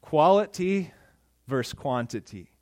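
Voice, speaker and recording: Man, pastor, sermon, conversational, animated, dry sound. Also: a little high, a little slow, no echo. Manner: conversational, animated preaching with acted-out quotes.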